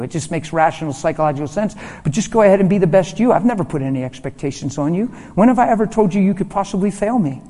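A middle-aged man preaching a sermon as a pastor, telling a story with emphatic swings from loud to hushed. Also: high voice. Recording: long hall reverb.

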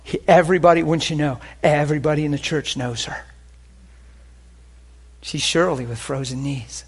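A man preaching and telling healing stories, swinging between hushed and loud. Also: fairly high pitch, steady tone, a little fast, slightly rough. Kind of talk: sermon with healing testimony.

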